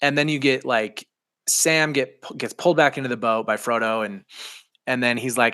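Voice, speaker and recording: A man's voice: mid-range voice, steady tone, normal speed, bright, forceful tone, no echo. A man co-hosting a podcast who talks enthusiastically and animatedly in casual conversation. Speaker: podcast co-host.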